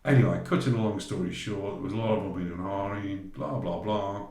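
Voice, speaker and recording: Lively storytelling man, roomy sound. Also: lowish voice, fairly quick. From England, from Great Barr. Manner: animated, acts out both sides of conversations in quoted voices. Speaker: podcast guest telling a travel story. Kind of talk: casual anecdote storytelling. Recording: roomy echo.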